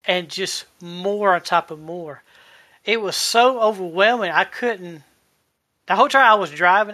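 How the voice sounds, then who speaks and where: A man in his forties giving a heartfelt personal testimony, halting and searching for words as he goes. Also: sits high, sharp tone, dry recording, studio quality. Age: 40s. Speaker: delivery driver sharing a testimony. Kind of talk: emotional personal testimony in a live chat.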